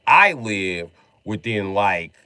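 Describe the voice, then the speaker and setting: A man from Illinois ranting on a livestream in a profane, exasperated, comedic way, acting out quick mock quotes. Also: on the low side, sing-song, sharp tone, smooth, no room sound.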